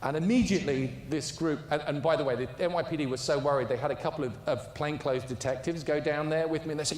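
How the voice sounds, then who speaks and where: Man, public speech, fairly high voice, emphatic, roomy hall echo. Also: fast talker, hardly any pauses, a little mellow, slight background noise. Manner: storytelling, emphatic. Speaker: conference speaker. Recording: echoey hall with long reverb.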